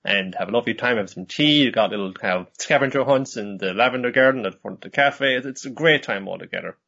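A man's voice: mid-range voice, quick pace, gravelly, bright, forceful tone. Man, podcast host, casual rambling chat, swears a lot, dull lo-fi audio. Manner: rambling, full of fillers, swearing, laughing. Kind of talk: casual chat recapping a cartoon.

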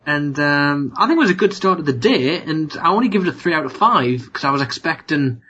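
A man co-hosting a podcast in casual chat, joking and reacting quickly. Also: a little high, lively intonation, sharp tone, highs cut off, a little hiss or hum. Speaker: podcast co-host.

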